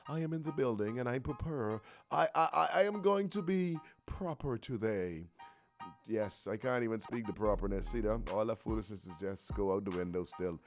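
A man's voice: mid-range voice, a little mellow. A man hosting a morning radio show, talking loosely and playfully with slang and rambling asides. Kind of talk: casual radio chat.

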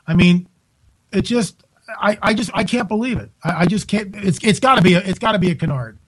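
A man hosting a live radio show, talking casually in an animated, joking way, with frequent restarts. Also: sits high, brisk, breathy edge, low-quality recording. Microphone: studio microphone on a live radio broadcast.

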